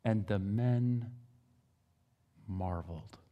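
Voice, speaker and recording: A man preaching a sermon, telling the story with expressive delivery. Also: lowish voice, extremely slow.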